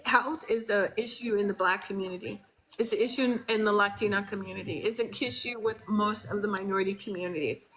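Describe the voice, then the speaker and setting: Frank, bright-voiced woman. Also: mid-range voice, low-quality recording. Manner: frank, emphatic, with many fillers. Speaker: podcast conversation partner. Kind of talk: casual chat.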